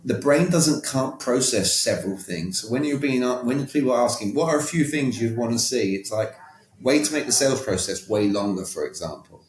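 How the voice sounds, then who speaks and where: This man's mid-range voice has lively intonation and a brisk pace, with a roomy sound around it. Appearing on a podcast, he talks like a coach, emphatic, repeating words and throwing out rhetorical questions.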